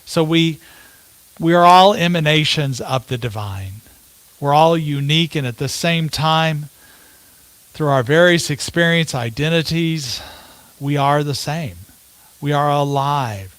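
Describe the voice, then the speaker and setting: A male minister preaching a sermon in an unhurried storytelling way, with rhetorical questions to his listeners. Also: a little high, a bit bright, clear, resonant tone, no echo.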